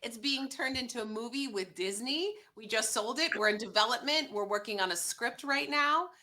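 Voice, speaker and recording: An animated woman on a talk show tells a personal story with a bright, sharp voice. She acts out the people she quotes and sits a little higher in pitch. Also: normal speed, a little hiss or hum. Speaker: guest.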